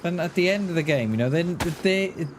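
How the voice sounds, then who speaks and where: A man streams a game and chats loosely with his viewers. He rambles, circles back and restarts his words. His voice sits a bit high, and clear background noise runs under the stream audio. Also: animated, a little fast. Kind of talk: casual chat while gaming.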